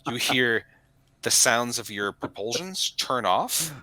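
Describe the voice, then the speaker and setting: A man's voice: medium pitch, expressive, takes it slowly, sharp tone. A man running a tabletop game as game master, narrating in a rambling, self-correcting way.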